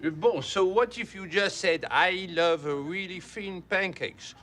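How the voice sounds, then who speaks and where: A man's voice: high voice, a little slow, fairly bright tone, soft background music. An actor playing a cocky French male racing driver with a put-on French accent, smug and theatrical.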